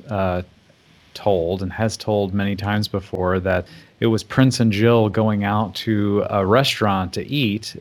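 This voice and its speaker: A man co-hosting a casual chat, agreeable and steady as he recounts a story. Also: on the low side. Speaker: podcast co-host.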